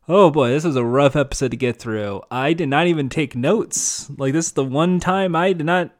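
A man muses about a TV episode in a soft, halting voice, his pitch still moving in a lively way. The recording is dry and close. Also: no echo. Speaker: podcast co-host. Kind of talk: casual TV episode review chat.

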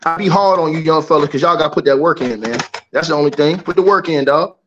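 A man with a high voice roasts his fellow panelists in loud, teasing banter. He runs on at the others with streetwise trash talk. The stream audio sounds dull and lo-fi. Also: quick pace, noisy background. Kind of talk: trash-talking debate banter.

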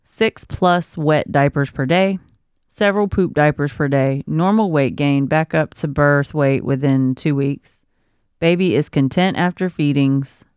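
Woman reading parenting tips, smooth voice. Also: deep voice, measured pace, darkish tone, no room sound, clean studio sound. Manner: reads aloud then riffs with laughing asides. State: expecting a baby. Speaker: podcast co-host. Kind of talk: casual chat, reading from a parenting guide.

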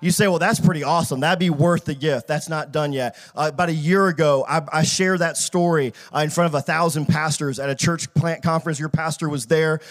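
A middle-aged man pastor preaching a sermon, telling a story and rising to shouted praise. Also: a little high, steady tone, brisk, hardly any pauses.

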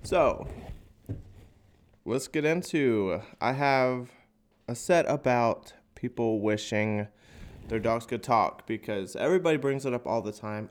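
A man's voice: medium pitch, animated, measured pace, long pauses. A man with a stuffy, nasal cold hosting a podcast and doing a crude, sarcastic stand-up bit from an echoey open office. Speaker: podcast host and stand-up comic.

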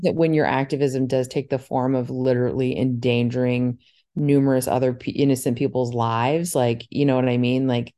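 A woman co-hosting a casual book podcast, rambling and animated with lots of fillers. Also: rumbling low, moderate pace. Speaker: podcast co-host. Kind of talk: casual book club chat.

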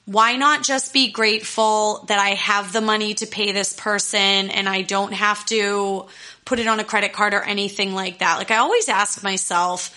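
A woman's voice: medium pitch, fairly even intonation, moderate pace, pushed and bright. A young adult woman life coach talking casually to her listeners, candid and fired-up, swearing freely as she gives advice. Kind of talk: casual solo talk to listeners.

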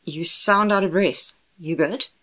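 A keyed-up younger brother calling about a job, as a woman narrator puts him on. He talks fast and loud, his pitch climbing above the narrator's usual low voice. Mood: urgent. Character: younger brother on the phone, urgent, man.

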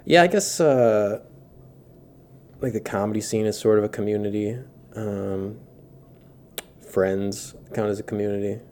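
A man with a raspy voice, a guest comedian in a casual podcast chat, speaking low and calm like a late-night radio host with the mic held close. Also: a little slow, long pauses, a little hiss or hum. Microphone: close handheld mic.

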